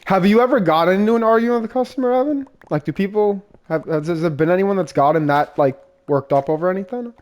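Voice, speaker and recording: A man's voice: sits high, fast talker, few pauses, darkish tone. A young man who laughs a lot and teases his friend in a casual chat while gaming.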